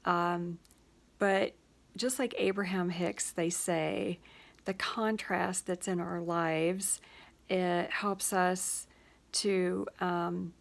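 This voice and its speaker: A woman hosting her own show, gently thinking out loud in a casual, reflective way with many pauses and fillers, sometimes dropping to a soft whisper. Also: fairly low pitch, fairly even intonation, creaky. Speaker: host of a personal reflection show.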